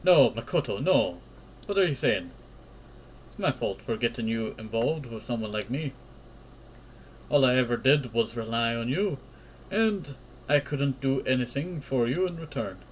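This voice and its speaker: A man reading as a gentle, loyal young woman. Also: mid-range voice, expressive, normal speed, long pauses, slight background noise, close to an everyday voice, low-quality recording. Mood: reassuring.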